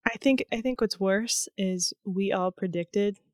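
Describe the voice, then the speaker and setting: A woman from the American Midwest co-hosting a podcast, chatting casually with wry quips and quick reactions. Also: mid-range voice, no echo, clean studio sound. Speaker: podcast co-host. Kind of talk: casual chat.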